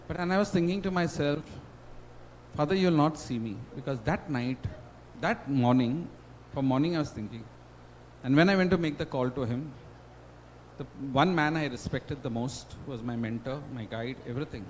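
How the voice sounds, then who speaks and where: A middle-aged man with an Indian English accent giving an emotional personal testimony as a guest speaker, with dramatic swings in loudness. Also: mid-range voice, moderate pace, slight background noise, rough recording. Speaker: guest speaker at a student induction.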